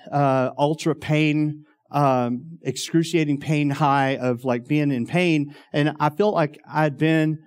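A man, telling a long personal story in a rambling way, full of ums and uhs. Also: a little high. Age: 40s. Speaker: former youth minister.

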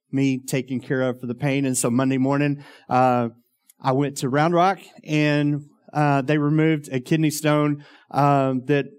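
A man's voice: on the high side, a little mellow, smooth. A man, telling a long personal story in a rambling way, full of ums and uhs. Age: 40s. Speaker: former youth minister.

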